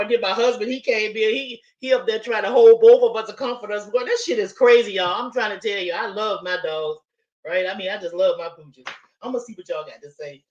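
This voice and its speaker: A woman with a medium-pitched, darkish voice talks a little fast, the audio poor from her laptop live stream. At home, heading from kitchen to living room, she tells a story in a chatty, profane way, addressing viewers as y'all.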